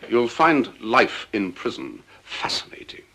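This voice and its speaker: An actor with an English accent playing a cool, understated secret agent with dry wit in a 1960s TV drama. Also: male voice, medium pitch, wildly swooping pitch, a little slow, gravelly, sharp tone, a little hiss or hum, full character voice.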